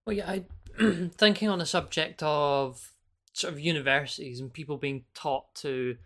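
Man with a lightish voice, measured, host of a chat stream. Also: fairly high pitch, fairly bright tone. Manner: measured, building long sentences. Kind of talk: livestream discussion.

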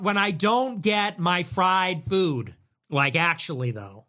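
A man's voice: high voice, animated, slow pace, sharp tone. Whiny young man ranting on a livestream. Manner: whiny, exaggerated complaining with swings between mock despair and outburst; repetitive, piling up lists. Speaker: livestream host. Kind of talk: livestream rant.

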